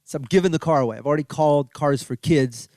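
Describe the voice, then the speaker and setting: A man's voice: a little high, fast, no room sound. Middle-aged male comedian, dry booth sound, self-deprecating storyteller. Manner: rambling, self-deprecating, quoting his own yelling. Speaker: comedian podcast host. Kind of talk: casual storytelling monologue.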